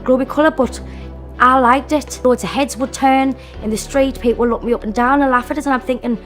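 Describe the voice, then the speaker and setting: Teenage woman, documentary interview, candid, slightly high-pitched. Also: fairly even intonation, fairly quick, a bit bright, faint music behind. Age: teens. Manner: candid and chatty.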